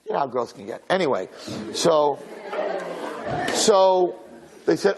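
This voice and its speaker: A male rabbi telling a story in a sermon, animated and acting out voices, with Hebrew and Yiddish terms mixed in. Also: a little high, slow, pauses often, some chatter behind, a little hiss or hum, rough recording.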